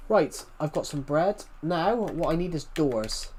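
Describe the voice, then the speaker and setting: A man's voice: a little high, lively intonation, measured pace, a little mellow. A man livestreaming a video game, rambling casually to his chat as he plays and repeating words to himself. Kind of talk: casual live gaming stream chat.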